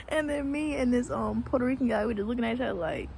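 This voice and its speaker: A woman's voice: a little high, fast, creaky, hardly any pauses, a little hiss or hum. Young woman vlogger telling a story. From Connecticut, USA. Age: young adult. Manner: animated storytelling, acts out quotes, laughs often, swears casually. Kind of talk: casual storytime chat.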